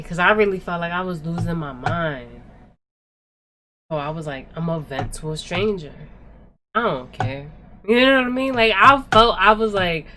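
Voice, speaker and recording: A young woman with a low voice, telling a personal story in a loose, profane, animated way. She leans on "like" and "yo" constantly, and a faint hiss of noise sits under the recording. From Spanish-speaking background. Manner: animated, profane venting with lots of "like" and "yo". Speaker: podcast co-host. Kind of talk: casual storytelling chat.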